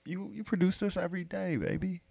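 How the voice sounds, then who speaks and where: A man's voice: sits high, fairly quick, vocal fry, a little mellow, dry recording, studio quality. Profane, emphatic man arguing. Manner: teasing, rhetorical questions. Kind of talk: casual chat.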